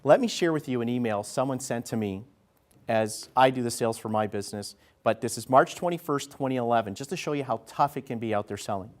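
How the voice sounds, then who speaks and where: A man's voice: medium pitch, quick pace. A man giving a conversational business talk to a live audience, folksy and acting out what salespeople and executives say. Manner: conversational, folksy, acts out quotes. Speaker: keynote speaker. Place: event venue in front of an audience.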